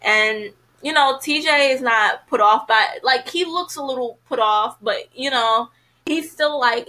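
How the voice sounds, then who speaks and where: Woman reviewer, casual and outspoken, bright tone, lots of fillers. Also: fairly high pitch, measured pace, rough recording. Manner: chatty, frank, heavy use of "you know" fillers. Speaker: TV episode reviewer.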